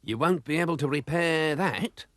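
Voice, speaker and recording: A man voicing the gloomy, hapless father of a bumbling family, speaking in a slow, glum, plodding way. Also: on the high side, fairly bright tone, dry recording, clean studio sound, pitched above the performer's own voice, close to an everyday voice.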